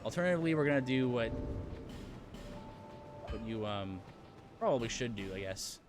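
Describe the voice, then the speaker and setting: A man's voice: mid-range voice, expressive, normal speed, over music. A man streaming a video game live, chatting casually and answering viewers' messages as he plays. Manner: chatty, reads and answers viewer chat, frequent fillers. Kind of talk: casual live-stream chat while playing.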